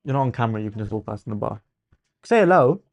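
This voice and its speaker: A young man with an English accent hosting a casual football watchalong stream, teasing viewers and thinking out loud. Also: fairly low pitch, steady tone, racing, no echo.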